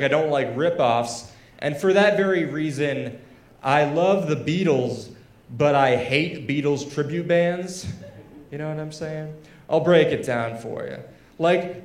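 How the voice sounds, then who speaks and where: A young man doing a stand-up comedy set, talking conversationally with lots of fillers and asides. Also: a little high. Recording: echoey live room.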